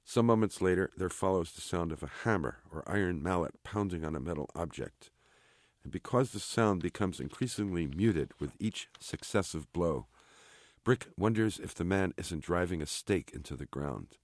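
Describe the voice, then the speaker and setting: A man, the author, reading a chapter of his novel aloud in a measured, even way. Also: deep voice, no room sound, clean studio sound. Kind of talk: literary reading.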